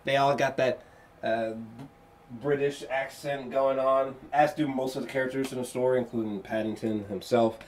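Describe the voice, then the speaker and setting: A man giving a casual spoken film review, rambling and excitable, with lots of fillers and restarts and free swearing. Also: medium pitch, moderate pace. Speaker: movie reviewer.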